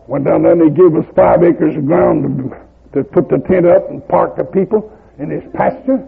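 An older man with a Southern American accent preaching a revival sermon, telling stories in a rhythmic cadence that climbs to shouts. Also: fairly high pitch, brisk. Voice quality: gravelly, husky voice. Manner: rhythmic, rising to shouts at climaxes. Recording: lo-fi phone-like old tape.

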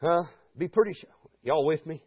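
A man preaching a sermon, building to fervent shouts and asking the congregation "Amen?". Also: fairly high pitch, normal speed, husky, no echo. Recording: tinny phone-like radio broadcast.

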